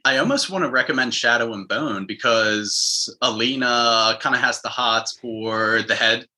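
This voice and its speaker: Guy cohosting a podcast, super bright voice, mid pitch, animated and does the quotes. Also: unhurried. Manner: animated, mimics quotes with big pitch jumps. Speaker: podcast co-host. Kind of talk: casual chat.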